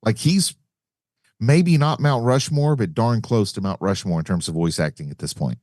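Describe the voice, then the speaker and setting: Lower-voiced man giving his opinions. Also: darkish tone, dry recording, studio quality. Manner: offers measured opinions, teases. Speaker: podcast co-host. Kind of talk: casual chat.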